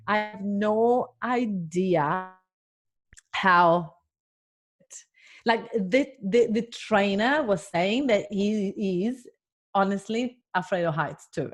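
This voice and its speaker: A woman speaks as a business coach in a relaxed live session, chatty and loose, often breaking into a laugh. Her pitch sits in a middle range, neither high nor low, and she leans on fillers as she tells her story. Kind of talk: casual live talk to viewers.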